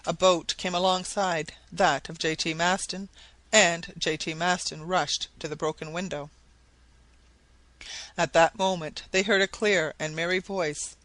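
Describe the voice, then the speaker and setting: A man reading a classic adventure novel aloud, narrating with animated delivery and acting out the shouted lines. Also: a little high, dry recording, low-quality recording. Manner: animated, acts out shouted quotes. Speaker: audiobook reader.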